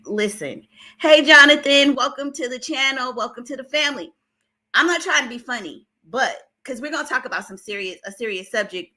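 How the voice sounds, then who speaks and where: A woman's voice: fairly high pitch, bright, forceful tone. A middle-aged woman with an Oakland accent hosting a casual gossip livestream, greeting viewers by name and laughing between remarks. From Oakland, California. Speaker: celebrity gossip livestream host.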